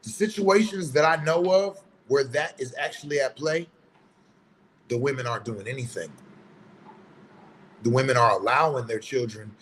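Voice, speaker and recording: A man's voice: medium pitch, moderate pace, pauses often, a bit bright, a little hiss or hum, rough recording. A man giving a heated, preachy opinion monologue in casual, colloquial speech. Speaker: online commentator.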